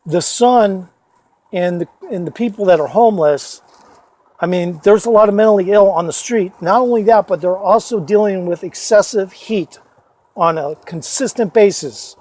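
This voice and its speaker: A man telling rambling personal stories into his phone, swearing often and filling pauses with "uh" and "you know". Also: high voice, a little mellow. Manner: profane, rambling, many fillers and restarts. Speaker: storyteller vlogger. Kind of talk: casual rambling storytelling.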